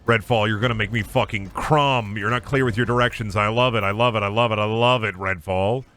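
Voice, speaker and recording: A man's voice: fairly low pitch, fairly even intonation, brisk, fairly bright tone, slight background noise. A young adult man streaming a game, chatting in a rambling, profane, joking way. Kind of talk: casual livestream chat.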